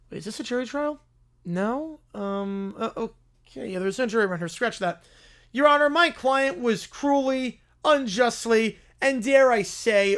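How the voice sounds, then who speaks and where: A man's voice: very high-pitched, fairly bright tone. A man voicing a bumbling, shady male cartoon lawyer who gives pompous, rambling courtroom speeches.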